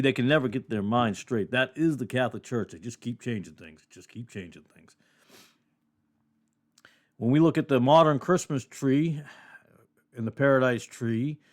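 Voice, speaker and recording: A man's voice: medium pitch, expressive, moderate pace, darkish tone. A man teaching on the Bible from his home podcast area, reading his notes aloud with asides to the listener.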